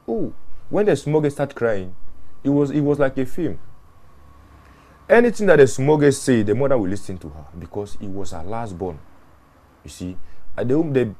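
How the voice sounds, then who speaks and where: A man, a mortuary worker telling his experiences in an interview, earnest and animated, often repeating words and restarting phrases. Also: on the low side, moderate pace. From Ghana. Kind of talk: interview storytelling.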